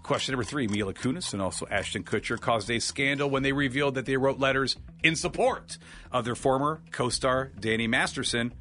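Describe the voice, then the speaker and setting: A man co-hosting a radio morning show, reading out trivia questions in an animated, joking way. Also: medium pitch. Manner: animated, reads questions briskly and jokes between them. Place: radio studio. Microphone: studio mic.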